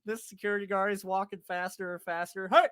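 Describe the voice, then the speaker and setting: A man's voice: high voice, level tone, a little fast, fairly bright tone, smooth, no room sound. A man hosting a podcast, telling a rowdy story in a casual way, swearing freely, laughing and acting out his friends' voices. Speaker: podcast host.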